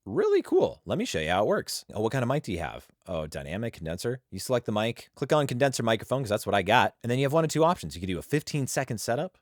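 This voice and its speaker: A man's voice: mid-range voice, huge pitch swings, quick pace, few pauses, no echo, studio quality. A man and voice actor walking through an audio interface setup in a chatty, playful tutorial style. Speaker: audio gear reviewer and voice actor. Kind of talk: tutorial walkthrough. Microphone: studio microphone.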